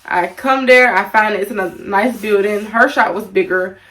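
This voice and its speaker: A young woman from Louisiana tells a casual storytime to her viewers, animated and chatty, calling them y'all. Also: mid-range voice, normal speed, distant mic, poor audio. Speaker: vlogger.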